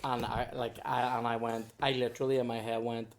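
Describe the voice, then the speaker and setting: A man's voice: medium pitch, little pitch movement, a little fast, background noise. Laughing, rambling man. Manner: rambling, laughs through his stories. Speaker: guest comedian. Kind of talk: casual chat.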